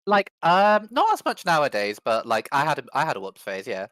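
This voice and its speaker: A man chatting in a relaxed way on a casual group call, explaining things and stumbling into his sentences. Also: on the high side, brisk, no room sound. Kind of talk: casual chat.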